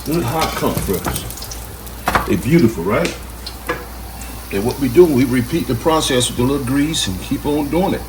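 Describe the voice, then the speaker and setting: Expressive and medium-pitched, a man hosts a casual cooking video, moving at a moderate pace with long pauses. He addresses viewers playfully and folksily while the kitchen around him is loud with sizzling pans and clanking pots.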